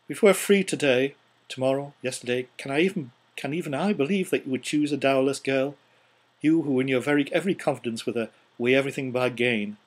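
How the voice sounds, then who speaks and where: A man reading the part of a steady young woman ending an engagement, speaking quietly and with measured sorrow. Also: medium pitch, lightly acted. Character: young woman, calm and steady, gently releasing a former love. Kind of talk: audiobook character reading.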